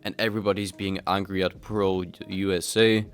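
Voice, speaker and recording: A man's voice: low-pitched, little pitch movement, moderate pace, smooth. Chatty male vlogger reviewing comics. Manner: chatty, self-deprecating, addresses viewers directly. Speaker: YouTube host reviewing comics. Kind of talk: casual commentary vlog.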